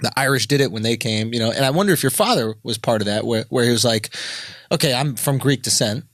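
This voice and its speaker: A man's voice: medium pitch, fast, no echo, clean studio sound. A man co-hosting a comedy podcast, chatting casually and swearing freely. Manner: animated, swears freely, does exaggerated quoted voices.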